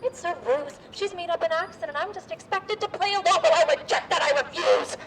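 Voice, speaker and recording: A fiery young chorus girl from the 1920s rants and gossips with high theatrical flair, played live by a woman. She is performed outdoors on a busy street, where the traffic noise comes through clearly. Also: fairly quick. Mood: ranting. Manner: dramatic, ranting, gossipy.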